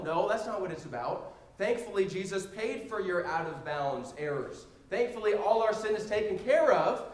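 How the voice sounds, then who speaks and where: A man giving a sermon built around a personal story, told in a humorous, animated way. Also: sits high. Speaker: preacher. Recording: roomy echo.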